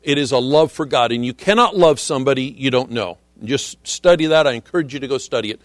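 A middle-aged man preaching a sermon as a visiting missionary, earnest and measured, often quoting scripture. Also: medium pitch, dry recording, clean studio sound.

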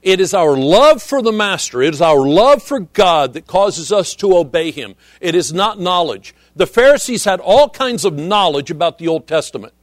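A middle-aged man preaching a sermon as a visiting missionary, earnest and measured, often quoting scripture. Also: high-pitched, big pitch swings, no room sound, studio quality.

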